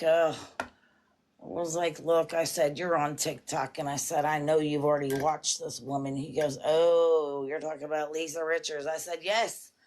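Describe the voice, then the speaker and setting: A woman, chatting casually on a livestream from her home kitchen and talking in long, rambling stretches. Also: sits low. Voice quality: rambling, fond of "it's like".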